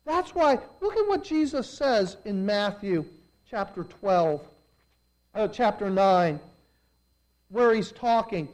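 A pastor preaching a sermon, moving between quiet, slow reflection and loud, rising emphasis, and acting out quoted people in lowered voices. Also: animated, rough recording.

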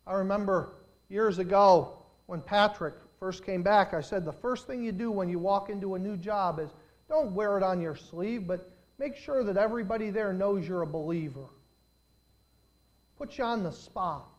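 In a muffled recording, a pastor with a high voice delivers a sermon, swelling in volume on important words and then sinking into quiet asides. He addresses the congregation directly, drawing out and slowing phrases for emphasis.

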